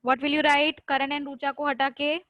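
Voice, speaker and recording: A woman tutoring French online, mixing English and Hindi, drilling her students with quick questions and repetition. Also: high-pitched, little pitch movement, no room sound, dull audio.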